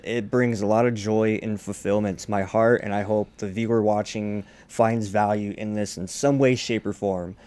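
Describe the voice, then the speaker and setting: A man's voice: lowish voice, a little mellow, clean tone, no room sound. A man hosting a podcast, closing the episode in an enthusiastic, casual way. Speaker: podcast host. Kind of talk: casual chat.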